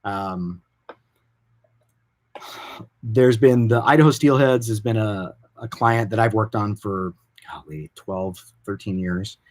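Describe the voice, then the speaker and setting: A man who directs production, explaining his voiceover work in a casual, informal and animated way. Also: lowish voice, takes it slowly, long pauses. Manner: informal, animated, loose and rambling.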